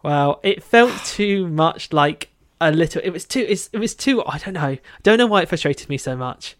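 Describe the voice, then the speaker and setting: Guy cohosting a book podcast, super animated voice jumping all over, kinda exasperated. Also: on the high side. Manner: animated, exasperated, acts out characters in quick asides. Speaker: podcast co-host. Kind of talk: casual book chat.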